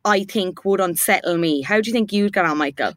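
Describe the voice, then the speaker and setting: A young woman co-hosting a casual chat podcast, gossiping about a reality show and acting out quotes in high voices. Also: a little fast, dry recording. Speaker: podcast co-host.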